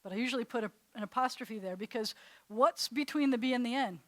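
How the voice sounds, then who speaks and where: A woman rabbi teaching a live class, chatty and animated, laughing at herself as she demonstrates sounds. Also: on the high side, fast talker, no echo. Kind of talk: classroom lesson. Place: congregation classroom.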